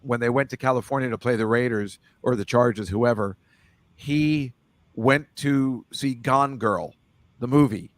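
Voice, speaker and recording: A man's voice: mid-range voice, measured pace, dry recording. A man hosting a casual football picks chat over a video call, rambling loosely and laughing often. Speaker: host.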